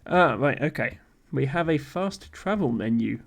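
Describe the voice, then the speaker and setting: A man's voice: medium pitch, expressive, unhurried, gravelly, faint music behind. A man streaming a video game live, thinking aloud with frequent ums and little chuckles.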